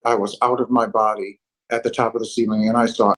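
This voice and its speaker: Low husky male voice, earnest halting testimony, personal storyteller. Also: level tone, fairly bright tone, low-quality recording. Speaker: guest telling a near-death story.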